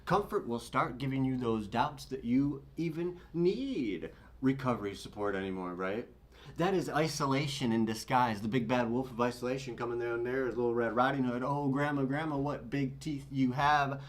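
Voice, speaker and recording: A man's voice: mid-range voice, normal speed. A man hosting his own show, giving a solo talk on recovery and sobriety, preachy and emphatic, swearing and calling his listeners "my friends". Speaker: host.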